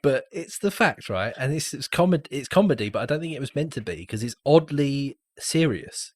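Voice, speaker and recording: A man co-hosting a casual film podcast, animated and quick to laugh. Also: mid-range voice, dry recording, clean studio sound. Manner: animated, laughs often while telling. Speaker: podcast co-host. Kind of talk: casual film-review chat.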